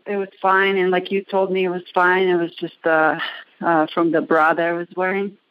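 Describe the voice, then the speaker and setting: A woman calls in by phone from a gym bathroom, out of breath. She talks haltingly and keeps searching for words. The line sounds dry and lo-fi. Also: lowish voice, level tone, dry recording. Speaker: caller. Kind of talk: phone-in call.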